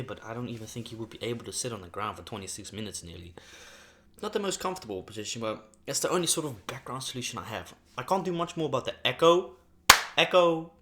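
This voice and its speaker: In a sparse room at home, one he mentions is echoey, a young mukbang vlogger chats in a loose, rambling way and curses without restraint. His voice is medium-pitched and a bit bright, with slight background noise on the recording.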